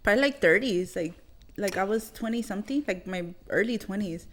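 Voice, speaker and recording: A woman's voice: mid-range voice, fairly quick. A woman in her thirties, a podcast host, telling a personal story in casual chat, blunt and rambling with heavy swearing and many fillers.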